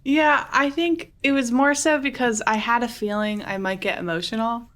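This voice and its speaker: A young woman co-hosting a podcast in relaxed, casual chat, giggly and quick to agree. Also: a little high. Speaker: podcast co-host.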